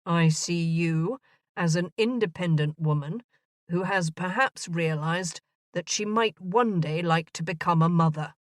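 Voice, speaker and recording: A woman voicing an earnest, bumbling gentleman of thirty proposing marriage in a romance audiobook. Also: fairly low pitch, a little slow, no echo, clean studio sound, close to an everyday voice.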